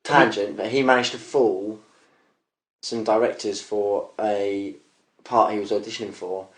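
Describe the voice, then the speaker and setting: Male co-host, lowish voice, dry anecdotal delivery, roomy echo. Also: steady tone, unhurried. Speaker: podcast co-host. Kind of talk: casual film review chat.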